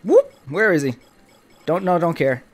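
A man casually commentating as he plays a video game, excitable, chanting sing-song sounds and yelping at sudden moments. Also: on the high side, normal speed, slight background noise. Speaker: gaming channel host. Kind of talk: casual let's play commentary.

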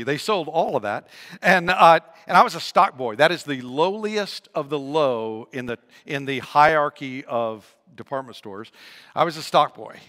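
A male pastor preaching a sermon with animated storytelling, humor and frequent repetitions, in an echoey church hall. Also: fairly high pitch.

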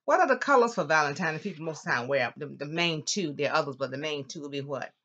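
Low-voiced woman teaching a Spanish class. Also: lo-fi sound. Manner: lively, drills words slowly for the class to repeat. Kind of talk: classroom language lesson.

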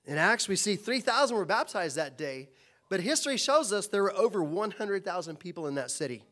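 A man's voice: high-pitched, animated, brisk, fairly bright tone. A man preaching a sermon as pastor, impassioned and full of rhetorical questions.

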